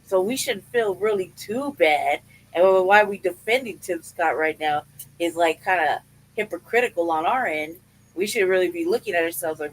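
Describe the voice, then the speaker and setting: A podcast host talks in a loose, profane rant at an ordinary middle pitch. They keep breaking into laughter and ask themselves questions out loud. The delivery is plain, unscripted chat. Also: poor audio. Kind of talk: casual chat.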